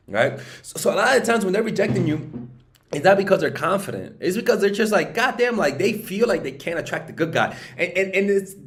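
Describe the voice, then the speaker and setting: A man gives casual dating-coach talk, blunt and swearing freely. He keeps seeking agreement with "okay?" and "right?", and when he pushes an argument his voice climbs higher and louder.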